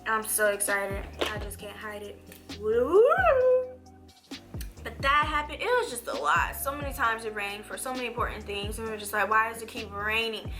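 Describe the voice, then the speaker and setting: A young woman chatting through a makeup tutorial, rambling and animated, her voice jumping up when she rants. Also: fairly quick, hardly any pauses, over music. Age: young adult. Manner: animated, rambling, swoops high when ranting. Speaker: beauty vlogger.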